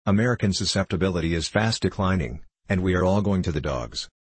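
A weary, resigned old army colonel with a deep, husky voice, as a male reader puts him on. Recorded dry and close. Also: animated, fast, dry recording. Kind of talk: audiobook character reading.

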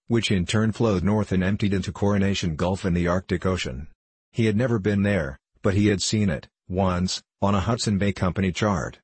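A man reads a story aloud in a measured, even way. His voice sits very low with a husky grain, and the sound is close and dry with no room around it. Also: no room sound. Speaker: audiobook narrator. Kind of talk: scripted narration.

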